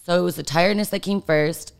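A woman's voice: on the low side, fairly even intonation, quick pace, gravelly, smooth. A young adult woman, an interview guest, telling a story in a candid, profane way that is packed with "like". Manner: candid, profane, heavy use of filler "like". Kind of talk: casual storytelling.

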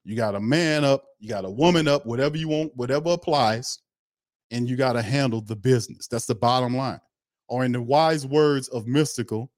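A man's voice: medium pitch, a little fast, dry recording, studio quality. A man hosting a sports podcast, giving blunt, fired-up opinion commentary, repeating his points and laughing between remarks.

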